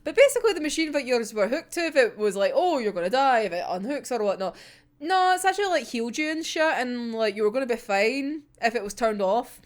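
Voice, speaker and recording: A woman's voice: on the high side, brisk. A young woman casually recapping a manga chapter, rambling and swearing, breaking into frequent laughter. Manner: excitable, rambling, swears a lot, laughs often. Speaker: manga reaction vlogger.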